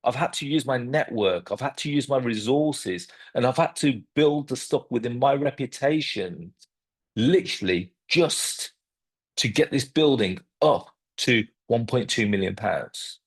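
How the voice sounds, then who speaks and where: A man, a property investor telling a story to camera and acting out phone calls in lively detail. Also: mid-range voice, a little slow, husky.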